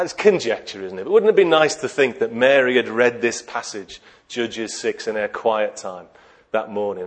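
A man preaching a sermon in a conversational way, with dry humour and questions to the listeners. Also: medium pitch.

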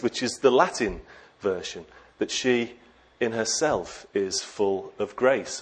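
A man preaching a sermon in a conversational way, with dry humour and questions to the listeners. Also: mid-range voice.

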